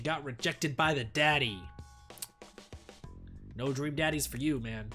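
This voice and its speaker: A man streaming a game, reading its narration aloud and reacting in a playful, animated way. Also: mid-range voice, a little slow, long pauses, faint music behind. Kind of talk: narrating and reacting to a visual novel.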